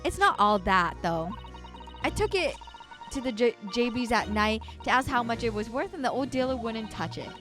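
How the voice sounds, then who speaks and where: A woman voicing a cheeky young female street pickpocket, speaking brash and slangy in a voice lower than her own. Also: lively intonation, moderate pace, fairly bright tone, faint music behind.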